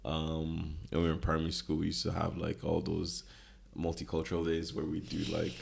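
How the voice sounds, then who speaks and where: A young man from Ireland chats loosely on a podcast in an extremely low voice. His sound is heavily gravelly and rough with fry, and he rambles on with the odd swear. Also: monotone, fairly quick, darkish tone. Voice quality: very deep gravelly voice. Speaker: podcast co-host. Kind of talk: casual chat.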